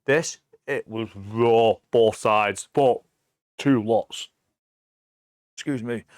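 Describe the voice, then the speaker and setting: Sweary animated English man in his forties. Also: on the low side, very slow, dry recording, studio quality. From England. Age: 40s. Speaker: podcast guest. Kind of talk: casual chat.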